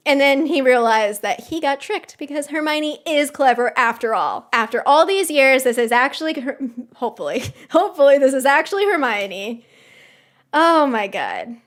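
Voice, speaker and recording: A young woman streams live and reacts to a game story, chatty and quick to giggle. Her voice sits high and swoops animatedly up and down. She talks in an excitable, casual way.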